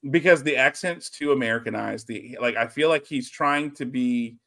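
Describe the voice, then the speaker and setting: A man from South Louisiana, co-hosting a casual wrestling podcast, animated and chatty. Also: mid-range voice, normal speed, creaky. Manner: animated, drops into mock Cajun voices. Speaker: podcast co-host.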